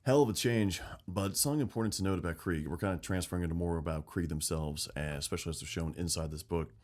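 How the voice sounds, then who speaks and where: Male podcast co-host, very low voice, casual and profane. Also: fast talker. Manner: animated, swearing, acts out quotes. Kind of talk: casual lore chat.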